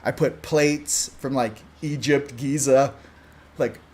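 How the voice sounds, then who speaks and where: A man from Southern California hosting a spiritual channel, talking casually to camera, animated and laughing, swinging from hushed to loud. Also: medium pitch, slow. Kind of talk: casual direct-to-camera talk.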